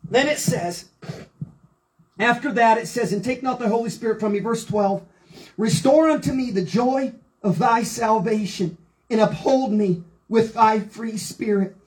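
A woman's voice: on the high side, measured pace, darkish tone, poor audio. A woman preaching a Pentecostal sermon, reading scripture aloud with fervent, rousing delivery.

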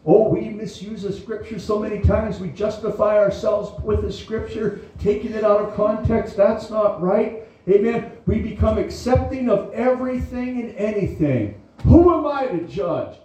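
A man's voice: high voice, warm tone, slight background noise. A man preaching a sermon as pastor, often stopping to say "uh, amen" between his points. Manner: preachy, drawn-out phrasing with frequent "uh, amen". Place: church sanctuary. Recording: echoey church room from far off.

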